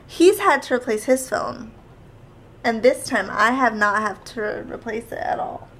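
A young woman vlogging in casual chat, talkative and quick to argue. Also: a little high, lively intonation, a bit bright. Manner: chatty, argumentative, quick back-and-forth.

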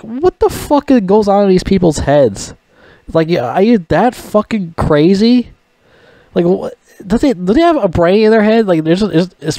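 A man's voice: a little high, dark tone, dry recording. A man ranting angrily about a TV show, swearing often, sighing, and stumbling over restarts as he vents. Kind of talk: angry profane rant.

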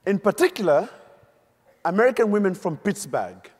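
A middle-aged man from Uganda, giving an animated, storytelling keynote speech on a stage mic in a large conference hall and quizzing the audience. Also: sits high, normal speed, breathy edge. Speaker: keynote speaker. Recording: echoey hall.

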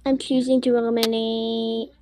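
A woman giving casual commentary while playing an online game, excitable, giggly and quick to get frustrated, talking to herself. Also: fairly high pitch, a little hiss or hum. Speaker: gamer playing a Roblox game. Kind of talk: casual let's-play commentary.

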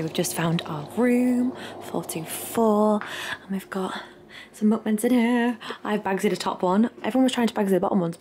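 A young British woman vlogging her travels in a bubbly, excitable way, often laughing. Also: medium pitch, slightly rough. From Britain. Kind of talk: casual travel vlog.

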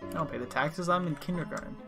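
Man streaming a game, bright voice, jokey, faint game music behind. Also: a little high, animated, fast talker, vocal fry. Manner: joking, reads game text aloud. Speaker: gameplay streamer. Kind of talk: casual gameplay commentary.

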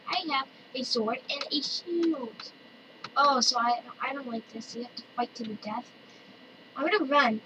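A woman chatting excitedly through her own gameplay and calling out to other players. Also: fairly high pitch. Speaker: let's-play gamer. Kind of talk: casual gameplay commentary. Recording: distant mic with loud noise.

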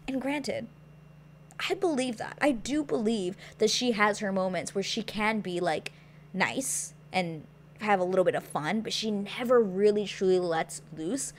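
A young woman hosting a casual show recap, chatty and animated, with plenty of filler words. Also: mid-range voice, a little slow, a little hiss or hum. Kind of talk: casual chat.

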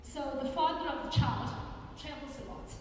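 A South African woman preaching a sermon as a pastor, animated and repeating phrases for emphasis. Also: high voice, moderate pace. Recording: echoey hall from far off, faint room noise.

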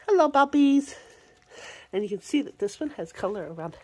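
Female dog breeder, casual vlog, baby-talk coos, high voice with wide swings. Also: expressive, moderate pace, breathy edge.

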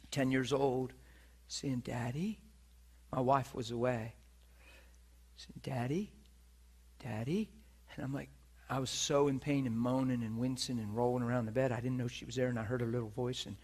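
A middle-aged man preaching, telling a personal story with animated delivery, acting out voices and laughing often. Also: medium pitch. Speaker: preacher teaching on healing. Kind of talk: sermon storytelling. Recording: live teaching session, room mic.

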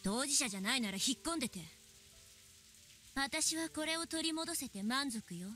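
A woman's voice: high voice, animated, fast talker, sharp tone. An actress voicing a cold, haughty girl who talks in a menacing witch-like adult voice in a visual novel. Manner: icy, dismissive, threatening. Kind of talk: dubbed visual novel voice acting.

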